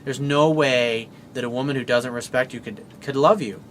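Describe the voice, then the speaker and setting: A man's voice: medium pitch, fairly even intonation, moderate pace, a bit bright, a little hiss or hum. A man giving blunt, emphatic relationship advice as a dating coach, speaking straight to his viewers. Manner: blunt, emphatic, acts out both sides of a couple's talk. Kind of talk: direct-to-camera advice monologue.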